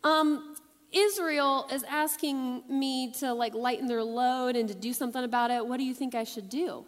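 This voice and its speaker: A woman's voice: sits high, fairly even intonation, normal speed, close to an everyday voice. A woman voicing a young king who talks in a casual, hesitant way while asking for advice. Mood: musing. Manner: casual, hesitant, modern-sounding. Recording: long hall reverb.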